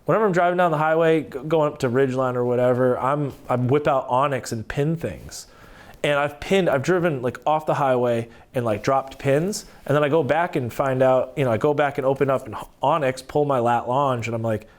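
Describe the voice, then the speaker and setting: A man talking as a podcast guest, telling animated stories in casual, profane conversation. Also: mid-range voice, fairly quick.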